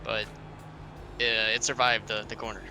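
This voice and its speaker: A man who sounds very bright and forward, giving a post-race interview over voice chat. He talks in a relaxed, rambling way and walks back through the final laps. Faint music plays under him. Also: on the low side, a little slow. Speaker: sim racing driver interviewed after a win.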